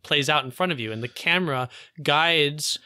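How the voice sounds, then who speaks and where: A man's voice: on the high side, normal speed, bright, forceful tone, smooth, no room sound, clean studio sound. A man co-hosting a podcast, talking about a film in a casual, enthusiastic way with many "like" fillers. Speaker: podcast co-host.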